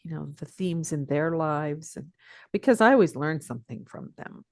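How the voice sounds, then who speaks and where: A woman's voice: deep voice, expressive, moderate pace, no echo. Older woman, dry close reflective voice. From Pacific Northwest. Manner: reflective, chuckles often while telling stories. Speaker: podcast guest, teacher. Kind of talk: casual interview conversation.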